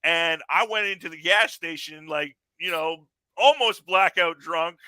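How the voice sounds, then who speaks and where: Canadian male podcast host, very bright tone, dry close sound, profane and laughing, rambling storyteller. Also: fairly high pitch, measured pace, clear, resonant tone, dry recording, poor audio. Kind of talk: casual podcast chat.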